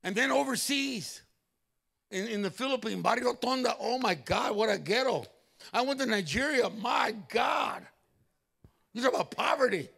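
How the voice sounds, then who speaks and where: A male pastor preaching a sermon in a church, telling stories animatedly with loud exclamations. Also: very high voice, expressive, moderate pace, gravelly, breathy edge.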